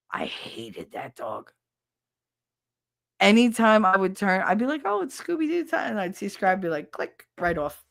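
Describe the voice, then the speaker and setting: Low-voiced, rambling podcast host woman. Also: a bit bright. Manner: rambling, nostalgic and self-mocking. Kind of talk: casual solo chat.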